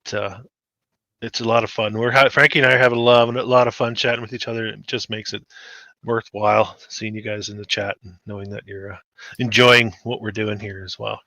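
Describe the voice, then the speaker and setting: A man's voice: on the low side, level tone, brisk, pushed and bright, dry recording. A man co-hosting a show, chatting in a laid-back, agreeable way. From Western Canada. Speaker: podcast co-host. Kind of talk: casual chat. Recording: dull, dry lo-fi mic.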